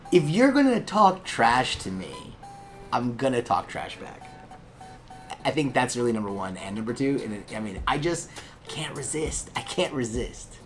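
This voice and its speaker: A man who is a lawyer hosting a casual vlog from his law office, chatty and joking as he rambles. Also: medium pitch. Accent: Californian.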